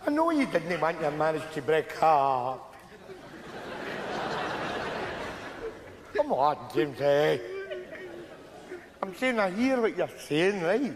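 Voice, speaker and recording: A man's voice: a little high, sing-song, measured pace, a crowd in the background, background noise. Rab, a sardonic Scottish man. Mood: soothing. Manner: mocking and blunt. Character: scruffy, sardonic Glasgow man. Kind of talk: live stage comedy. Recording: theatre recording with long reverb.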